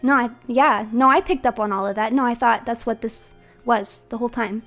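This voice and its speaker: A stoic older swordsman, voiced by a female streamer, answers in a flat, matter-of-fact way. The voice stays high, with faint music behind it. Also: fairly quick.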